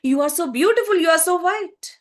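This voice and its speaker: A woman voicing an excited, admiring male crow in a told animal fable. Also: very high voice, a little fast, voice pushed up. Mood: puzzled. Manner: eager, gushing. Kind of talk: storytelling with voices.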